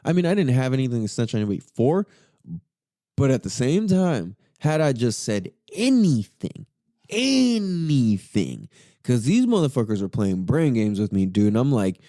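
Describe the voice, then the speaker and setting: A man's voice: fairly quick, no room sound, studio quality. A man hosting a podcast, telling a story in a casual, profane way, with his voice jumping up when he quotes his own thoughts. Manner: animated and profane, pitch jumps when quoting himself. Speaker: podcast host.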